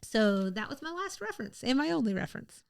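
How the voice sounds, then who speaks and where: A woman's voice: fairly high pitch, big pitch swings, fairly quick, creaky, dry recording. A woman co-hosting a podcast in casual chat, chatty with many fillers and frequent laughs. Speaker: podcast co-host.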